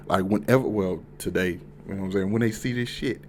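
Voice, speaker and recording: A young man giving a casual, profanity-laced review of a TV episode, swinging from low mumbling to loud excited outbursts. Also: fairly quick, a little hiss or hum. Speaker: TV show reviewer.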